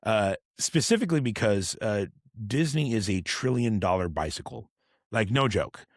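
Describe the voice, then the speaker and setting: A man's voice: fairly low pitch, lively intonation, normal speed, dry recording, clean studio sound. A man guesting on a podcast, telling long profane stories full of fillers and restarts. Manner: rambling, profane storyteller with many fillers. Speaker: podcast guest, tattoo artist. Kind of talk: casual podcast chat.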